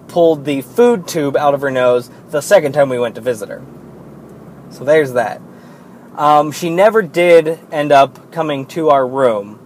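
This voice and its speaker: A man's voice: mid-range voice, darkish tone, slight background noise, low-quality recording. A young man, a new father, telling a rambling personal story in a casual, profane way.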